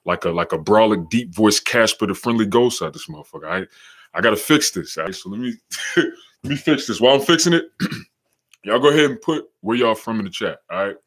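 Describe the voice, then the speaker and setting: A young man with a slight New York accent, hosting a casual live-stream podcast, slangy and hyped, shouting out viewers in the chat. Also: fairly low pitch, lively intonation, fairly quick. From Charlotte, North Carolina. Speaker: podcast host.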